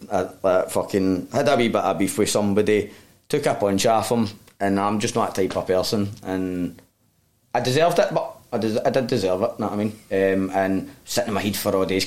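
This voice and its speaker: A man's voice: on the low side, a little mellow. A man with a Glaswegian accent telling his own story as a guest, in a sweary, heartfelt, rambling way. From Glasgow, Scotland. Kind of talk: candid personal storytelling.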